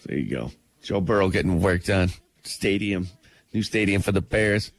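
A man's voice: sits low, lively intonation, normal speed, no echo. A man co-hosting a radio show, reading sports news in a laid-back way and laughing often. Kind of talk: casual radio banter. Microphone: studio mic.

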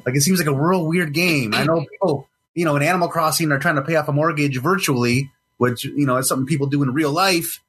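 Husky-voiced man, joking skeptic. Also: fairly high pitch, fast, hardly any pauses, a bit bright. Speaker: podcast co-host. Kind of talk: casual chat.

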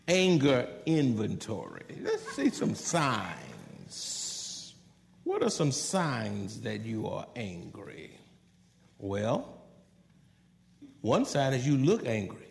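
A man preaching a sermon as pastor, swinging between hushed asides and loud, animated passages. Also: on the high side, measured pace, vocal fry, slight background noise. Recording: long reverb of a large hall.

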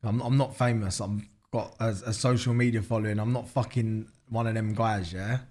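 A business founder in his thirties with an Essex accent chats as a podcast guest, casual and animated, swearing freely and repeating himself. He has a lowish, slightly mellow voice, fairly even intonation, and speaks at a normal speed.

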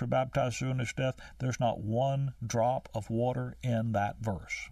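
An older man preaching a sermon, emphatic, slowing down to stress key phrases. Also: mid-range voice, vocal fry, no room sound, distant mic.

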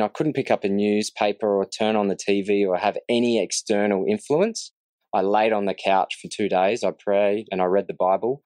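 Earnest man, low voice. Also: a little mellow, dry recording. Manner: earnest and reflective, laughs easily. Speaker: guest sharing his faith story. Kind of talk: casual testimony in conversation.

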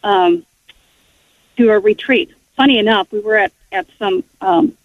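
A woman's voice: medium pitch, measured pace, no room sound. Earnest woman on a tinny phone line. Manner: earnest, heartfelt, frequent restarts. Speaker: guest sharing faith testimony. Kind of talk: emotional personal testimony.

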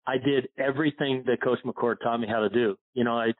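A man's voice: mid-range voice, fairly even intonation, fairly quick. Male guest, rambling storyteller, lots of "you know", tinny phone-line sound. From Pennsylvania. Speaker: golf instructor, guest. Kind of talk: casual storytelling interview.

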